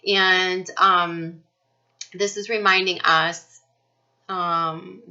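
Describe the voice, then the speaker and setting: Bright-voiced woman giving a spiritual reading. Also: on the low side, little pitch movement, drawn-out words. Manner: rambling, earnest, filler-heavy. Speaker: spiritual reader. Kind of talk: casual energy reading monologue. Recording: muffled lo-fi recording.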